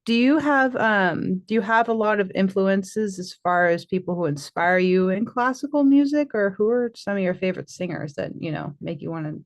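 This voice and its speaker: A woman's voice: mid-range voice, lively intonation, moderate pace, hardly any pauses. A woman hosting a radio interview, chatty and leaning on fillers. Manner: chatty, leans on "you know" and "like". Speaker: radio show host. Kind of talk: interview host.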